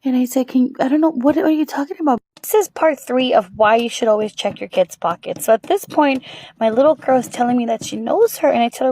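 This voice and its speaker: A woman tells a story from her life as a mother, casual and chatty, full of "like" and "um" and quick restarts. Her voice sits a little high and the recording is dry and close. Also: mellow, dry recording. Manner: chatty, many fillers and restarts.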